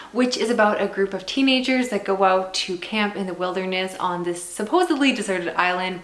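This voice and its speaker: Young woman book vlogger, animated and opinionated, recorded in a roomy space. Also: medium pitch. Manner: animated, exasperated ranting. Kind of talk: casual reading vlog.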